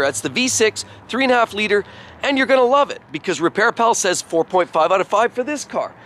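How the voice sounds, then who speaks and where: A man's voice: high-pitched, fairly bright tone. A man doing an enthusiastic walkaround of cars, praising each detail. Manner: effusive, praising every detail. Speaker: car reviewer. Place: outdoors beside parked cars.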